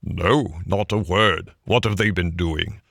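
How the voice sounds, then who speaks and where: Brief: man voicing a pompous gentleman toad, humbled, low soft slow delivery, dry sound. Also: vocal fry, no room sound, full character voice. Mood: alarmed. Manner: hangdog, humble.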